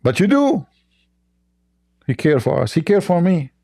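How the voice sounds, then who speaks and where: A man's voice: a little high, very animated, unhurried, gravelly, dark tone. A man giving sarcastic reaction commentary on clips, mocking and scornful, rambling with broken grammar.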